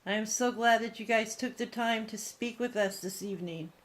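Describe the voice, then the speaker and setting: A woman hosting a paranormal investigation, earnestly and warmly addressing spirits during a ghost box session. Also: on the high side, normal speed.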